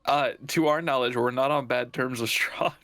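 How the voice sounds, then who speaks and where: A man's voice: mid-range voice, normal speed, a bit bright, no echo. A man chatting easily as a player in a tabletop game, laughing often. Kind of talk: casual chat at a tabletop game.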